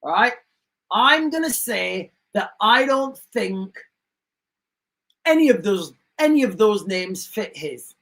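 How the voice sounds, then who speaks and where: A woman's voice: mid-range voice, lively intonation, slow pace, a bit bright, rough recording. A woman hosting a livestream, talking in an indignant, rambling way and often repeating herself. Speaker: livestream host. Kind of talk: casual livestream commentary.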